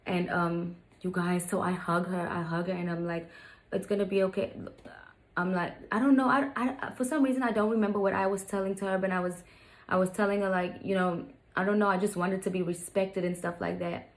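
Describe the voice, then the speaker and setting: A woman's voice: on the low side, flat delivery, fairly quick. A young adult woman telling a personal story to her viewers, candid and venting, often calling them "you guys". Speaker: vlogger.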